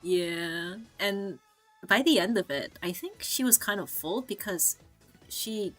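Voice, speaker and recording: A woman's voice: medium pitch, animated, slow, fairly bright tone, soft background music. A woman streamer telling a story in casual chat, swearing freely, filling her speech with "like," and mimicking the people she quotes. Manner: chatty, swears freely, fills with "like". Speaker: VTuber streamer.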